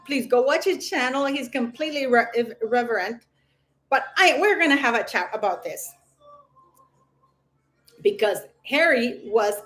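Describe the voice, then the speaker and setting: A woman's voice: a little high, a bit bright. A woman hosting a casual livestream, rambling and chatty with lots of fillers. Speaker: livestream host.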